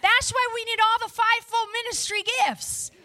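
High bright energetic woman preacher. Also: moderate pace. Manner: energetic and lively, chatty asides to the audience. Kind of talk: sermon. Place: before a live audience.

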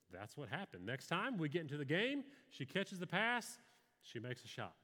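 A man's voice: a little high, wildly swooping pitch, moderate pace, pushed and bright, long reverb tail. A man preaching a sermon to a live congregation in an earnest, conversational way, with personal stories. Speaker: pastor.

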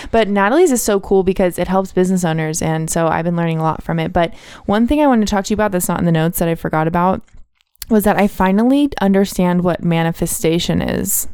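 A woman's voice: fairly low pitch, fast talker, a little mellow, clear, resonant tone, no echo, clean studio sound. A young woman co-hosting a podcast in casual chat, laughing often and swearing now and then. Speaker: podcast co-host.

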